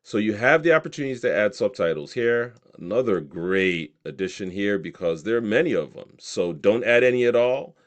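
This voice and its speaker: A man walking through a video tool on screen, reading out its options with enthusiasm. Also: fairly low pitch. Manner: enthusiastic, reads options aloud. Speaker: software tutorial presenter. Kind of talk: screen-recorded software walkthrough.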